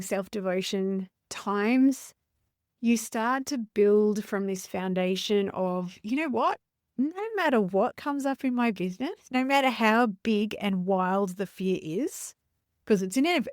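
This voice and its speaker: A woman hosting a coaching podcast in an earnest, conversational monologue. Her voice sits at an ordinary middle pitch. She sometimes stops to rephrase herself, and the recording is close and dry with no room sound. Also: no echo. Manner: earnest, conversational, self-correcting. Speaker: podcast host and business coach.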